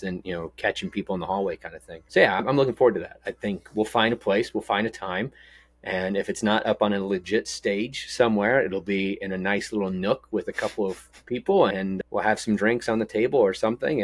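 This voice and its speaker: A middle-aged man from Texas with a very low, deep voice, chatting loosely on a podcast. He rambles through stories with a joking, easygoing manner, and his voice sounds close and dry with no room echo. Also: fast talker. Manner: rambling, storytelling, jokey. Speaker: podcast co-host. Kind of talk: casual podcast chat.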